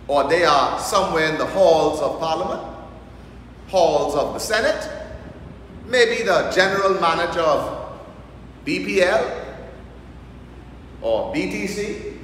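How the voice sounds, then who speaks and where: A male priest with a Bahamian accent preaches a sermon in church, cracking jokes and using local vernacular. His voice sits high and sounds a bit bright. The recording carries the echo of a church hall and some faint noise.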